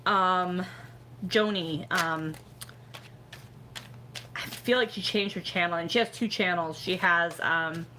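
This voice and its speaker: A woman's voice: on the low side, slow, long pauses, sharp tone, slight background noise. A middle-aged woman chatting casually on a live stream, rambling with lots of "like" and "you know" as she gives fortune readings.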